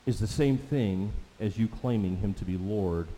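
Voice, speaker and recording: A man preaching a sermon as a pastor, emphatic, slowing down to stress each scripture quote. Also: on the low side, dark tone, big-room sound, poor audio.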